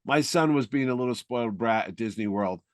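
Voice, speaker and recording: A male podcast co-host chatting casually, rambling through animated stories at a middling pitch. His voice is recorded close in a dry room. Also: a little fast, dry recording. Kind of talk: casual chat.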